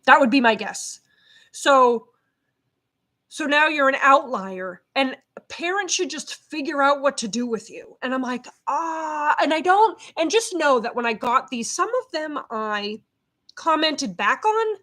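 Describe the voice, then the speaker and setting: Fired-up woman with a higher voice. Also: expressive, unhurried. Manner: feisty and loud, fired up. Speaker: behavior consultant. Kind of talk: casual vlog talk to camera. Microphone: camera set up at home.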